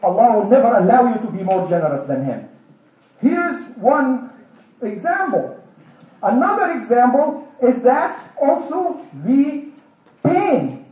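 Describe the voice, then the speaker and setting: A male preacher giving an interactive sermon, animated, asking the audience questions and then answering them himself. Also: very high-pitched, measured pace. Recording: echoey hall, distant dull mic.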